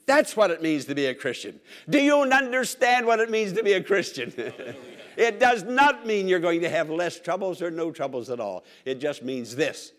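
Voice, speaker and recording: High-voiced man preaching a sermon. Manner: emphatic, repetitive, call-and-response with congregation.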